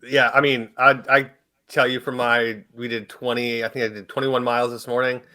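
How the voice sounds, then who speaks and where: A man's voice: mid-range voice, little pitch movement, normal speed, sharp tone. A man co-hosting a casual podcast, easygoing and throwing in dry quips. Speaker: podcast co-host.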